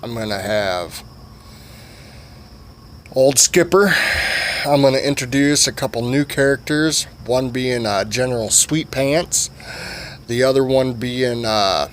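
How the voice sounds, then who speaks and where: A man's voice: mid-range voice, takes it slowly, long pauses, slight background noise. A man vlogging a comic story in a rambling, profane way with many fillers.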